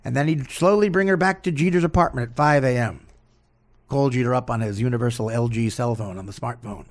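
A comedian hosting a show, delivering a crude, rambling, absurd comic rant. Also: male voice, mid-range voice, a little fast. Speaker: comedian host.

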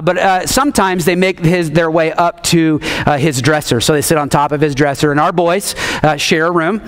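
A man in his thirties preaching a sermon, telling stories with animated refrains and calling on the congregation. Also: a little high. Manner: animated storytelling, repeats refrains, calls on the congregation. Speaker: pastor.

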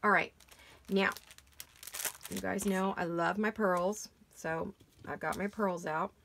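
A hoarse middle-aged woman who hosts a crafting channel chats as she works with her hands in her home studio, drifting casually between thoughts. Her mid-range voice is rough, gravelly and froggy, a bit bright, steady in tone and slow. A camera mic set back from the craft table picks her up with a faint hiss.

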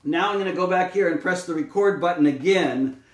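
A speech-language pathologist, a man with a slightly high voice, walks through a demonstration step by step, patient and full of small fillers. He sits back from the microphone, and the room adds a noticeable echo. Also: fairly quick. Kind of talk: instructional demonstration. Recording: roomy, mic at a distance.

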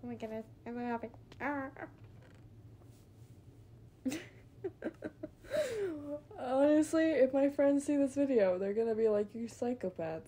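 A young woman giving casual gameplay commentary, excitable and swinging between quiet muttering and loud outbursts. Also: high voice, measured pace, long pauses. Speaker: gaming video creator.

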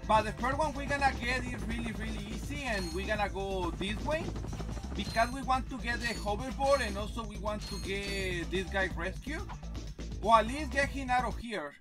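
A man's voice: sits high, moderate pace, over music. A man whose first language is Spanish, hosting a gaming channel with a Spanish accent and chatty, self-deprecating commentary. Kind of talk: casual gameplay commentary.

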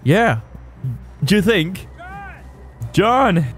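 A man's voice: on the high side, animated, moderate pace. A man giving jokey let's-play commentary while playing a video game, laughing often. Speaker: gaming YouTuber. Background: faint game music.

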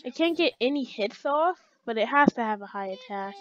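A woman's voice: fairly high pitch, lively intonation, fairly quick, highs cut off. A woman giving chatty let's play commentary, talking to her game characters as she plays. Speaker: gamer.

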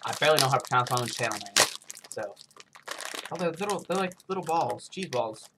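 A man's voice: mid-range voice, expressive, brisk, heavy background noise. A man from the United States rambling through a casual snack taste-test vlog, full of self-mocking asides. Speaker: vlogger.

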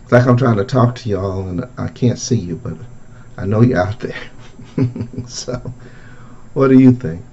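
Pastor musing through a Bible study. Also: male voice, on the low side, mellow, muffled recording. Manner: conversational, musing, drawn-out phrasing. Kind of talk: interactive Bible study teaching.

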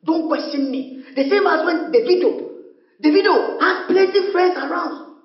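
An actor with a Nigerian accent playing a domineering company boss who talks loud and mocking. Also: male voice, very high-pitched, moderate pace. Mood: bossy. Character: bossy boastful company owner, adult man. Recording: echoey, dull lo-fi film audio with music.

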